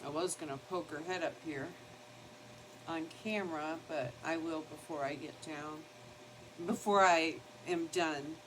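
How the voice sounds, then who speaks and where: Against a noisy background, an older woman speaks at a measured pace in a low voice with fairly even intonation. She is a beauty vlogger doing her makeup at her home vanity, rambling through a casual get-ready-with-me chat and sometimes scolding her dog.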